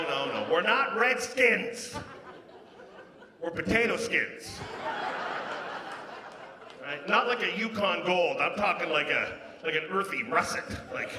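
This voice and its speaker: A man from Canada doing a stand-up comedy set, breaking into loud sung and acted bits. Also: sits high. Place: large casino showroom with a live audience. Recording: echoey live hall, crowd. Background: audience laughter.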